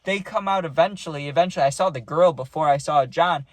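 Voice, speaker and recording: A man's voice: fairly high pitch, quick pace, no echo. A young man casually telling a rambling party story, full of slang and saying "dude" a lot.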